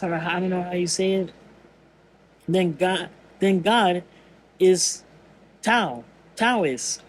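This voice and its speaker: Earnest, word-searching vlogger musing aloud on faith, medium pitch, faint background hum. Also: low-quality recording. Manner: rambling, searching for words, frequent restarts. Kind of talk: casual spiritual monologue.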